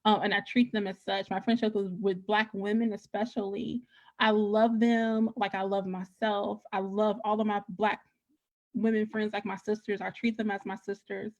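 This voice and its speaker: Casting: woman, podcast guest, blunt and profane, loose conversational delivery, mid-pitched. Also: flat delivery, normal speed, highs cut off. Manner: frank, profane, repeats words as she restarts. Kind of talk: casual candid chat.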